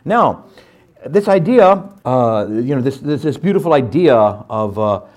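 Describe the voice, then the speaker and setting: A man teaching scripture in a lively sermon style, often checking in with "right?" and acting out playful voices. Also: mid-range voice, measured pace. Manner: animated, jumps into playful voices, asks "right?".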